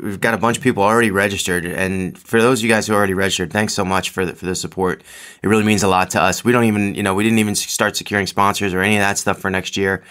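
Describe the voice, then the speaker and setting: A man's voice: low voice, a bit bright. A man hosting his own podcast in casual solo chat, rambling with lots of ums and restarts, joking at his own expense. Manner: rambling, full of ums and restarts, self-deprecating. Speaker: podcast host.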